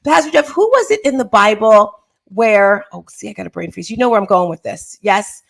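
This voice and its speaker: A woman's voice: mid-range voice, lively intonation, normal speed, vocal fry. A middle-aged woman hosting a show, talking casually and with lots of animation, often laughing as she shares personal stories and advice. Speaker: podcast host. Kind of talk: casual motivational talk.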